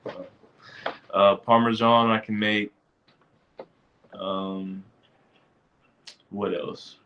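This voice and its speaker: A man's voice: lowish voice, level tone, extremely slow, highs cut off, slight background noise. A young man co-hosting a podcast in casual chat, swearing and trailing off into mumbles, on a call. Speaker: podcast co-host.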